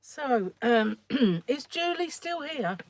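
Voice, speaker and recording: A croaky woman hosting a casual crochet livestream from home, chatting and rambling while she works and often clearing her throat. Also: high-pitched, very animated, takes it slowly, a little mellow. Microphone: phone.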